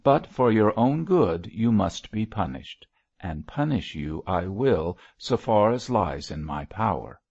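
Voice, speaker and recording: A man's voice: on the low side, animated, takes it slowly, vocal fry, a little mellow, dry recording, exaggerated voice. A man reading a stern reproachful old bishop. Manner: solemn, reproachful. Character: elderly male bishop, mild but stern. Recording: dull lo-fi dry recording.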